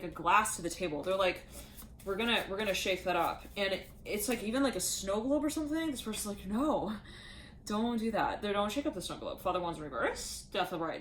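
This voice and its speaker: A woman's voice: medium pitch, slight background noise. A woman giving a channeled tarot reading, rambling and laughing as she acts out the voices she says she hears. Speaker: tarot reader.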